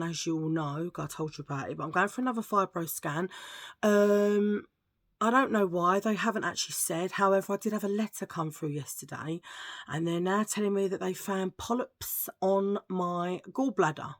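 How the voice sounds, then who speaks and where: A middle-aged woman chatting casually to camera as a vlogger, playful and prone to hushed asides. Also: on the low side, normal speed, no echo, studio quality.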